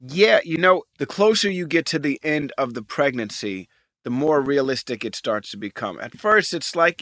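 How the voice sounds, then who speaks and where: A man in his forties with a bright, forceful, fairly high voice, chatting casually and swearing freely. He talks animatedly and acts out little quoted exchanges. The sound is close and dry. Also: lively intonation, moderate pace, no echo. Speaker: co-host. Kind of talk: casual podcast chat.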